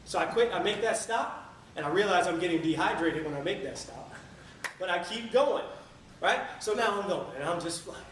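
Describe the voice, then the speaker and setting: A man telling a marathon story as a lively motivational speech at a club meeting. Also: high-pitched, moderate pace. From Tampa area. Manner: energetic storytelling, sings a few lines. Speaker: public speaker. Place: meeting room. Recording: echoey room from far off, faint noise.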